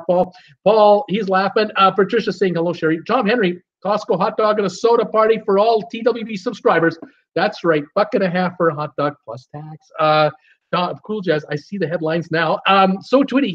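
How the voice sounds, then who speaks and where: Chatty high-voiced man hosting a live stream. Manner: chatty, jokey, reads comments aloud with bursts of laughter. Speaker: host of a live cruise show. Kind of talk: casual live chat reading viewer comments. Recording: dull lo-fi stream audio.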